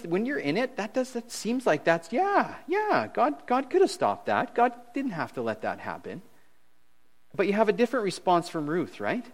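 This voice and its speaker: A middle-aged man preaching a conversational sermon as pastor, animated and swinging between loud and hushed, chuckling at his own jokes. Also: fairly high pitch.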